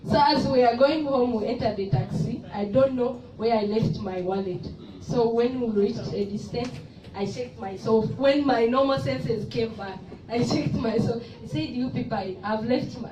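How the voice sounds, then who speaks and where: A woman giving an earnest, soft-spoken testimony at a church service. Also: on the high side. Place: church hall in Abu Dhabi. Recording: echoey hall, mic far off, noisy.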